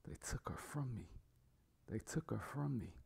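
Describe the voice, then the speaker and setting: A man's voice: lowish voice, fairly even intonation, normal speed, close to an everyday voice. A man voicing a grieving male salesman who swears revenge, his lines dropping into choked whispers. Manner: breaks into choked, quiet sobbing whispers.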